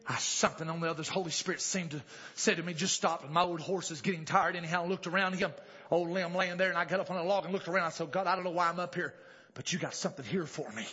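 A man preaching a revival sermon, telling a story and rising to shouted exclamations. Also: a little high, fast, husky, muffled recording.

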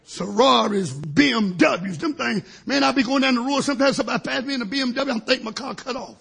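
A husky, very high-pitched man preaching a fiery sermon. He has a bright, cutting edge, and he jumps from shouted climaxes down to low, quiet asides while he drops hallelujahs in between. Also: a little fast.

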